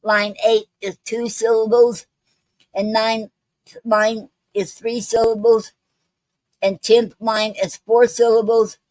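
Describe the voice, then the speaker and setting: A woman's voice: on the high side, little pitch movement, slow pace, a little mellow, no echo, rough recording. A woman hosting an online poetry show, talking casually with many ums, restarts and repeated okays.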